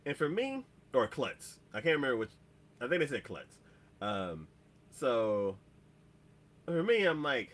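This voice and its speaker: A man's voice: mid-range voice, very animated, a little slow, pauses often, a bit bright. A man casually recapping an anime episode on a podcast, rambling with lots of "like" and "um" fillers. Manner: rambling, heavy on "like" and "um". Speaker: podcast co-host.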